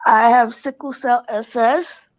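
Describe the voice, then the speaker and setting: A woman in her thirties from New York introducing herself on a video call, measured and brief. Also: on the high side, steady tone, dry recording. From New York, USA. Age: 30s.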